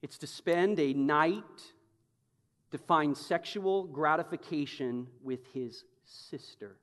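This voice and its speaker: A man's voice: fairly high pitch, takes it slowly, fairly bright tone, long reverb tail. A man preaching a sermon with emphatic, conversational delivery and touches of humor. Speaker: pastor.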